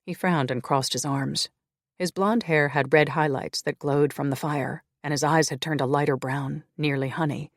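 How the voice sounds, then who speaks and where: A man narrating a paranormal romance audiobook with a steady, even reading. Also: fairly high pitch, moderate pace, no echo, clean studio sound.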